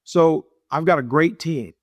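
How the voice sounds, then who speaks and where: Middle-aged man, business owner on an interview, a bit high-pitched, dry close sound, lively storyteller who acts out quotes. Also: a little slow, no echo. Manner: animated, acts out quoted dialogue, repeats himself.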